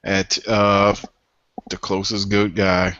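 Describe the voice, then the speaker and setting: A man playing a tabletop game, describing his character's actions hesitantly, with pauses and jokes. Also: on the low side, monotone, bright, forceful tone, no echo. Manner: hesitant, full of pauses and restarts, joking. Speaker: player. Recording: dry, dull lo-fi call audio.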